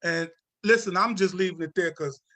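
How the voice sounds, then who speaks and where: A man giving heartfelt closing remarks on a video call, emotional and close to tears, thanking people warmly in loose casual phrasing. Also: high voice, normal speed. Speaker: closing speaker at an advocacy event.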